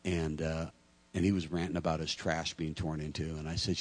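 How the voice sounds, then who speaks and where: A middle-aged pastor preaching a sermon, acting out lively stories with self-deprecating humor and stammers. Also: male voice, rumbling low, moderate pace. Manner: animated storytelling, acting out dialogue.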